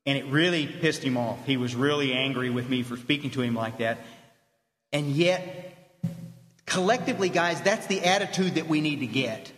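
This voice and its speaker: A man giving a blunt, animated motivational talk to an audience at a recovery fellowship meeting in a meeting hall. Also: medium pitch, normal speed. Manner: animated storytelling, blunt, direct address. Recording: echoey hall reverb.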